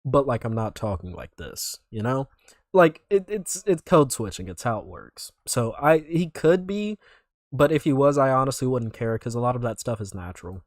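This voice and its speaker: A man's voice: medium pitch, lively intonation, normal speed, no room sound, clean studio sound. A young man from North Carolina, streaming and commenting casually in a rambling, filler-heavy way. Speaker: streamer reacting to videos. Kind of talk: casual live-stream chat.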